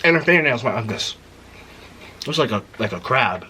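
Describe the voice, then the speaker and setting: Animated man telling a story while eating. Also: mid-range voice, fairly quick, slight background noise. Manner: animated, indignant retelling with mouth-full murmurs. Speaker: mukbang host.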